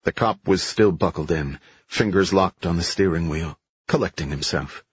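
A man reading a thriller audiobook in a measured, steady way. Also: sits low, husky, no room sound, lo-fi sound. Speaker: audiobook narrator. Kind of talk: scripted narration.

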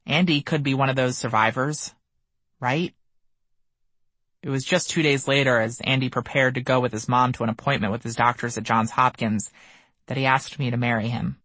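A man reading his own memoir aloud as an audiobook, measured and somber. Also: mid-range voice, steady tone, fairly bright tone, no echo. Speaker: memoir narrator. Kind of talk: audiobook narration.

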